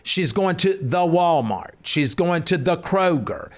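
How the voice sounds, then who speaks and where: Animated man telling stories. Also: a little high, unhurried. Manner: animated, rises to hollering when telling stories. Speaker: podcast co-host. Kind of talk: casual storytelling chat.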